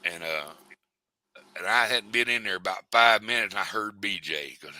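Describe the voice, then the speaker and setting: A man's voice: lowish voice, normal speed, sharp tone, poor audio. A middle-aged man, rambling through stories in casual chat. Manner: rambling, drawling storyteller.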